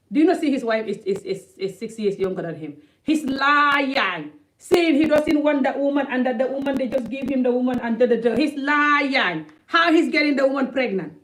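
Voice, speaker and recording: A woman's voice: fairly high pitch, poor audio. A woman from Africa giving blunt, emphatic opinion commentary in a vlog, repeating points for stress. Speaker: vlogger.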